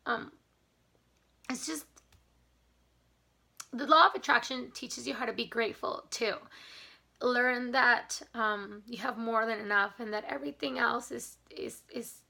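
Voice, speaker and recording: A woman talking straight to her viewers in an earnest, heartfelt way, full of gratitude. Her voice is bright and forward, with a gravelly fry running through it. It sounds like an everyday vlog. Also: a little high, steady tone, normal speed. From not from Canada. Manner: earnest, grateful, getting emotional; enthusiastic about mindset and gratitude. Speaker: vlogger. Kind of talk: casual chat to camera.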